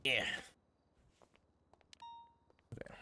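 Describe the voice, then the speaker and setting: A man's voice: extremely slow, sharp tone. A young man streaming a roleplay game, chatting casually, thinking aloud, swearing now and then and laughing. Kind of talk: casual gameplay chat.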